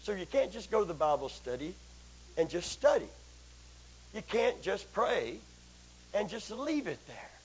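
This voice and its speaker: A man preaching a broadcast sermon, swinging from quiet, low asides to loud, shouted exhortation, asking the congregation for amens. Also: big pitch swings, measured pace, pauses often, dull audio, a little hiss or hum. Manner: rises from low, soft asides to loud, shouted exhortation, constant calls of amen.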